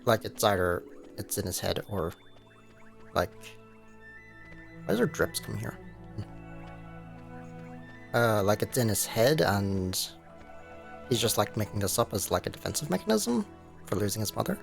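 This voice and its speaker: A man's voice: lowish voice, animated, normal speed, creaky, faint music behind. A man thinking aloud with fillers as he plays through a game for the first time. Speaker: let's play host. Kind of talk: gameplay commentary.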